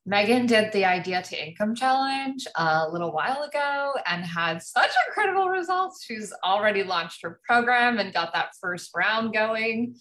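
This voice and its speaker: Woman, bright tone, upbeat casual chat, video call livestream. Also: medium pitch, moderate pace, few pauses, poor audio. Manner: upbeat, chatty. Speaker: co-host of a business coaching livestream.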